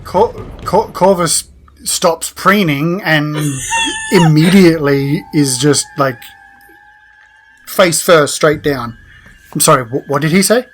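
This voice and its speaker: Expressive, higher-voiced male player, lively and animated. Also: slow, a little hiss or hum. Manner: lively, aside-giving. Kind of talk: tabletop game banter.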